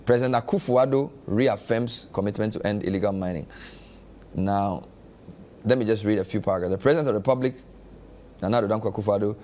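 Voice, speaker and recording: Male news host, slightly low voice, measured delivery mixing a read statement with commentary. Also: darkish tone. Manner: measured, reads aloud then adds his own analysis. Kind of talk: reading a statement on air with commentary.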